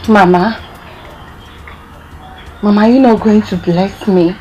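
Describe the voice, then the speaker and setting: A woman's voice: mid-range voice, steady tone, slow, dark tone, lo-fi sound, faint music behind, lightly acted. A young woman, playing a daughter who pleads with her mother. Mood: pleading. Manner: pleading, plaintive. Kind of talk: film acting.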